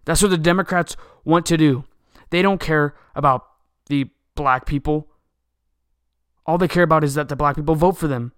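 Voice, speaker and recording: A man on a podcast, ranting and indignant as he repeats his points over and over. His voice sits a bit high for a man and comes through smooth and clear. The sound is dry and close, with no room around it. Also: steady tone, moderate pace, a bit bright, no room sound. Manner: heated, indignant, repetitive ranting. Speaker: podcast host. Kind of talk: political commentary monologue.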